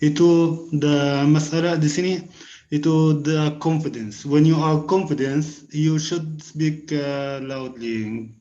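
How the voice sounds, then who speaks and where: A man with an Indonesian accent, a participant, speaking halting English with many fillers. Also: fairly high pitch, steady tone, dark tone. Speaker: participant asking a question. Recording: echoey, muffled video-call audio.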